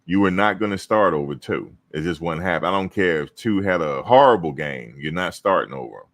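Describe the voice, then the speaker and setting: A man's voice: deep voice, brisk. A man hosting a casual live-stream talk show, teasing and answering his viewers. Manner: animated, teasing, talks to viewers and chat. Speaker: show host.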